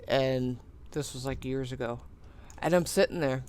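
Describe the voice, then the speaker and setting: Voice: mid-range voice, moderate pace, a little mellow, slight background noise. An adult gaming streamer telling stories in casual, rambling chat, often chuckling and sighing and swearing a little. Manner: meandering, chuckling, sighing, mildly profane. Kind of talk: casual rambling storytelling while playing.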